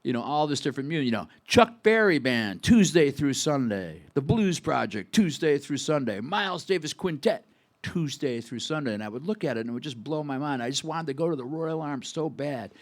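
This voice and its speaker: A man in his sixties from Buffalo, New York, speaks with a fairly high pitch, lively intonation, and a fairly quick delivery. He's a singer-songwriter spinning a rambling, talkative story onstage between songs at a live music club.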